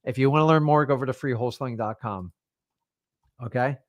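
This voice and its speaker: A man's voice: medium pitch, quick pace, no echo, studio quality. A middle-aged man, a real estate coach, giving a blunt motivational masterclass and swearing casually as he talks.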